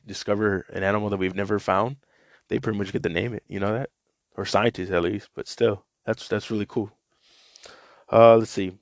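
A man's voice: lowish voice, creaky, no room sound, studio quality. Casual man reading the Bible. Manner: loose, filler-heavy asides, many "you know"s. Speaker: Bible reader and teacher.

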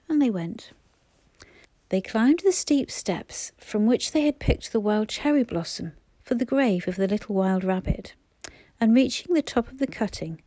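A woman narrating an audiobook in a steady, measured storytelling manner. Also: medium pitch, no echo.

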